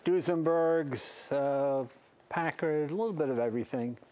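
A man's voice: on the high side, measured pace, mellow. An older man, a talk show host, telling funny anecdotes in a big garage and acting out the voices in his stories. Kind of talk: storytelling anecdotes. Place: large car garage.

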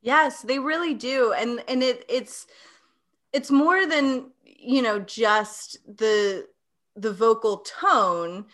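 A woman hosts a casual interview and asks her questions slowly. Her voice sits a bit high with a bright, forward edge. She laughs often between questions. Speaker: podcast host.

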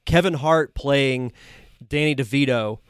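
A man's voice: medium pitch, unhurried, slight background noise. A man hosting a podcast, chatting casually and enthusiastically, laughing as he retells scenes. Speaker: podcast host.

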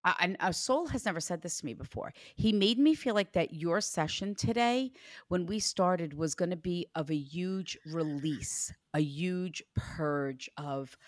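A woman's voice: fairly low pitch, unhurried, no echo, clean studio sound. A woman working as a psychic medium, giving a reading to a client in an earnest, reassuring way. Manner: earnest, reassuring, animated when retelling.

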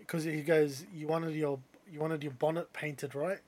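A young man tells a story in a relaxed, chatty way. His voice sits a little high, and he grows loud and lively when he acts out what other people said. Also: normal speed, few pauses. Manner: animated, rising loud when quoting others. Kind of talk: casual storytelling.

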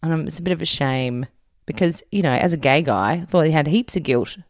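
A woman's voice: sits low, brisk, no echo, clean studio sound. A woman hosting a podcast in casual chat, giggly and teasing. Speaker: podcast host.

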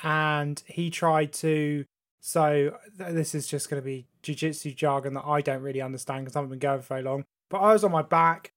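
A man's voice: fairly high pitch, steady tone, fairly quick, a bit bright. A young man, a podcast co-host, telling a story in casual chat and swearing freely.

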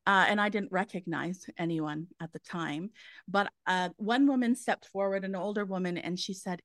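A woman's voice: on the low side, moderate pace, no room sound. A woman, a guest medium telling her story in a casual interview, chatty and full of fillers. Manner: chatty, many fillers and restarts.

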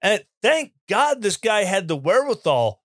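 A man giving opinion commentary in an animated, sarcastic rant, mimicking people he mocks. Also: sits high, normal speed, no echo, clean studio sound. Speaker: commentary host.

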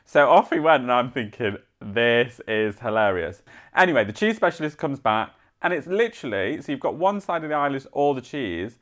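A woman's voice: extremely low pitch, very animated, brisk. Yorkshire woman telling a dry story. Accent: Yorkshire English. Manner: dry, self-mocking storytelling. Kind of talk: casual anecdotal chat.

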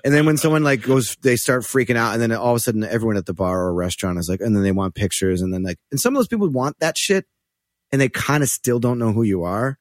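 A man's voice: medium pitch, quick pace, no room sound, clean studio sound. A man in his forties, a touring musician, chatting casually on a podcast and telling loose, profane stories, slipping into other people's voices when he quotes them. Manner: loose, profane, animated storyteller who slips into voices for quotes.

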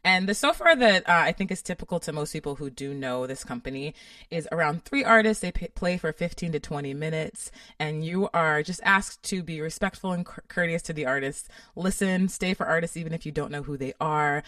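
A woman's voice: sits low, fairly quick, fairly bright tone, no room sound, clean studio sound, far from the mic. A woman co-hosting a podcast in casual chat, bubbly and enthusiastic. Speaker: podcast co-host.

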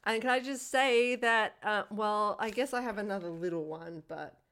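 Animated woman co-hosting a film chat. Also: mid-range voice, moderate pace. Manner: laughing, animated, swears freely. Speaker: podcast co-host. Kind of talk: casual film review chat.

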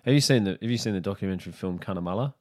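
A man's voice: low voice, very fast, a little mellow. A middle-aged Australian man in a laid-back, joking casual chat.

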